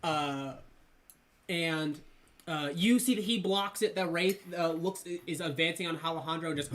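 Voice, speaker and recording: A man's voice: a little high, normal speed, fairly bright tone, slight background noise. A man running a tabletop game as game master, talking loosely with plenty of ums and uhs. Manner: loose and chatty, lots of ums and uhs, breaks into laughter.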